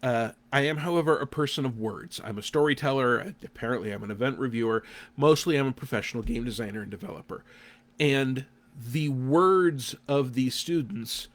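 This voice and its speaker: A man in his fifties giving a casual spoken review to camera, dry and deliberate, with self-deprecating asides and frequent fillers. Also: medium pitch. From Oklahoma. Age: 50s. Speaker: game designer reviewing a local event.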